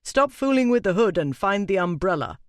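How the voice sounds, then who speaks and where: A man voicing a cool, irritable Regency gentleman who speaks in a dry, clipped, disdainful way. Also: high voice, very animated, normal speed, no echo, voice pushed up. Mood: irritated.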